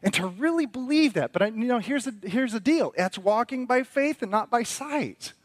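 Middle-aged pastor preaching a storytelling sermon. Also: male voice, extremely high pitch, expressive, moderate pace. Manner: storytelling, rising from quiet reflection to emphatic preaching.

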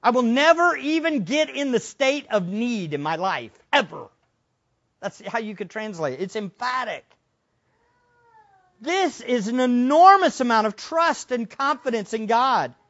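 A man with a high voice preaching a sermon, pressing his points with rhetorical questions and dropping low before rising again. The recording is dull and lo-fi. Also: sing-song, a little slow. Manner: emphatic preaching with rhetorical questions, wide swings in loudness. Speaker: pastor.

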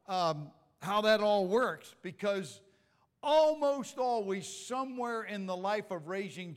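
A man's voice: sits high, big-room sound. A man preaching a sermon in a casual, joking way, acting out the lines he quotes. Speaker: pastor.

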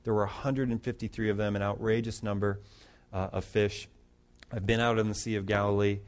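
A man's voice: fairly low pitch, little pitch movement, a little fast. A man pastor preaching through a Bible passage in a conversational way, with restarts and rising emphasis. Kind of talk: expository sermon.

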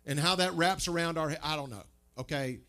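A preacher delivers a sermon in a conversational, emphatic way, tossing rhetorical questions at his listeners. His voice sits a little high for a man. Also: brisk, bright, forceful tone. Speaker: pastor.

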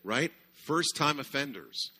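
A man preaching a sermon with animated storytelling, often checking in with the audience. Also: a little high, slow, husky.

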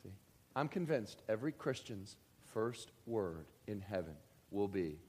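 A man preaching a sermon, speaking earnestly and directly to his congregation and building to emphatic, animated bursts. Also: lowish voice, measured pace, breathy edge.

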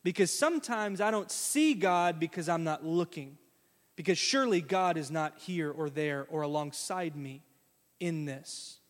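A man preaching to his congregation in a high, bright voice. He is folksy and conversational, slipping into animated little quotes. The sound rings with the long tail of a big hall. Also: unhurried. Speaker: pastor. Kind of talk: sermon.

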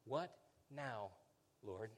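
A middle-aged man preaching a sermon in a conversational storytelling way, often repeating words as he starts a phrase and sinking low and quiet on solemn lines. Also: animated, drawn-out words. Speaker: pastor.

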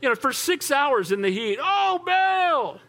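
An older man preaching a sermon as pastor, animated and rhetorical, asking the congregation for amens. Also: very high voice, a little fast.

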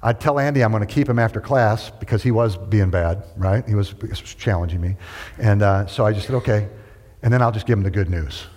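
Animated male preacher in a reverberant hall. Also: fairly low pitch, brisk. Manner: animated, acts out every quote. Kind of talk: storytelling sermon. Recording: long reverb of a large hall.

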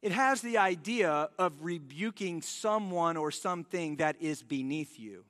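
A man, a pastor, preaching an animated sermon, acting out the panicked voices of the disciples. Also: a little high, measured pace. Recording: reverberant church hall.

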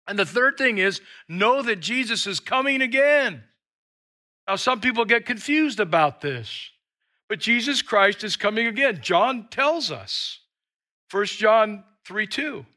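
Bright, high-voiced male preacher. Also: lively intonation, a little slow. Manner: emphatic, repeats words for stress. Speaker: pastor. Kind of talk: sermon. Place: church with an online audience.

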